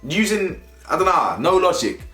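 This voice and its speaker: A man's voice: high-pitched, sing-song, moderate pace, pushed and bright, soft background music. A young man with a London accent, ranting to camera in a rambling, slangy, emphatic way and repeating his points. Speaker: vlogger. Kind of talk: opinionated rant to camera. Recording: echoey room.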